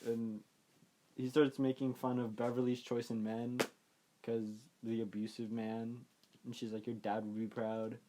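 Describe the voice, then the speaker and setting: A man's voice: mid-range voice, flat delivery, a little slow, background noise. A young man casually recapping a film, rambling and offhand, often trailing off with "like" and "I don't know.". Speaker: podcast host recapping a film.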